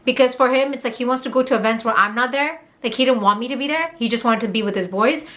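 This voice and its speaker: A young woman from Montreal telling a candid, heated storytime on her vlog, swearing and rushing through asides. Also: on the high side, sharp tone. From Montreal, Canada. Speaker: vlogger.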